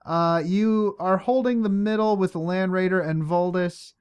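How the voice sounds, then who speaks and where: A man hosting a podcast, recapping a tabletop game in a relaxed, halting way. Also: high-pitched, smooth. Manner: relaxed, halting, many fillers. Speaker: podcast host and player.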